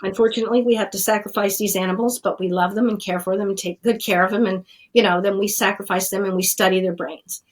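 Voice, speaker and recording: A woman's voice: mid-range voice, fairly even intonation, fast talker, hardly any pauses, low-quality recording. A middle-aged woman scientist telling her story in a plainspoken, earnest way during an interview. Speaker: addiction scientist, guest. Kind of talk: conversational storytelling.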